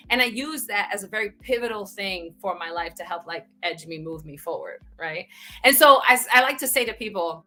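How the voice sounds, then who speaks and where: Bright, animated woman telling her story. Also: mid-range voice, fairly quick, faint music behind. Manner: animated, frequent "right?" tags, bursts of laughter. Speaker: guest speaker. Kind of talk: candid conversational storytelling.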